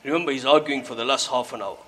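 Speaking rapid-fire in a mid-range voice, a man preaches a sermon, telling a story and earnestly urging his listeners while mixing Urdu and Arabic religious terms into his English. His exhorting tone grows louder whenever he presses a point.

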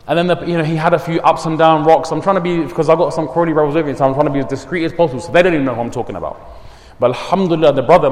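Male madrasa teacher, fairly high voice, animated storyteller, long hall reverb. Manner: mixes English with Urdu and Arabic words, animated storytelling. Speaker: madrasa teacher giving a talk. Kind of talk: community talk.

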